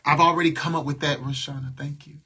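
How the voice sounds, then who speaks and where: A man's voice: on the high side, fairly even intonation, fast, pushed and bright, slightly rough. A man venting to viewers on a livestream, blunt and talking back to their comments. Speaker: livestream host.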